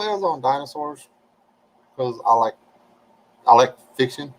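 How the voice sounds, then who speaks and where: A man's voice: medium pitch, expressive, measured pace, rough recording. A man, chatting casually and joking with viewers on a livestream. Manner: folksy, joking, reading chat aloud.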